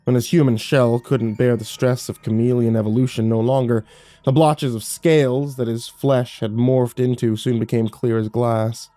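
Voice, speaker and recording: A man narrating a horror story in a slow, dramatic, hushed storytelling manner, as a dry studio voice-over. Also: medium pitch, steady tone, dry recording.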